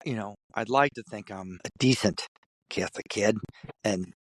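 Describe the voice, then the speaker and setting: A man guest in an interview, from Kentucky, telling a story in an animated way and putting on the voices of the people in it. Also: on the low side, moderate pace, no room sound. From Kentucky, USA. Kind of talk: storytelling in conversation.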